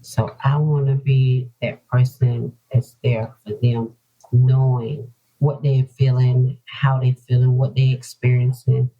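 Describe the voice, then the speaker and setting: In an emotional interview, a woman author from North Carolina speaks earnestly and from the heart about her own difficult journey, often repeating herself for emphasis. Her bass voice moves little in pitch, she takes her time, and there's a slight roughness to it. The podcast audio is dull and lo-fi.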